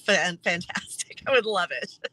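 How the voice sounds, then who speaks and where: Very bright, chatty laughing woman. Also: on the low side, moderate pace, no echo, low-quality recording. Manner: chatty, laughs often, loose phrasing. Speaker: panel guest. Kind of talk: casual panel chat.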